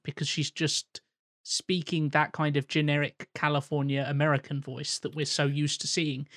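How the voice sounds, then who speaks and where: A man with a slightly high voice, recorded dry and close with no room sound. He talks in a thoughtful, winding way in casual podcast chat, often circling back before making his point. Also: level tone, normal speed, a bit bright, no room sound.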